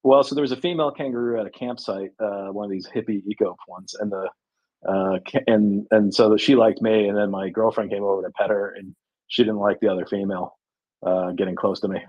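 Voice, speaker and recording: A man chatting casually in an online audio room, halting with lots of fillers, bantering easily. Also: lowish voice, fairly even intonation, a little mellow, dull audio. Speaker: guest describing his DeFi project.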